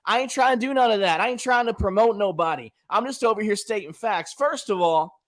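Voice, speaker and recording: A man's voice: high-pitched, a little fast, fairly bright tone. A man hosting his own livestream, casually trash-talking a rival in colloquial slang and talking straight to his chat. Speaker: channel host.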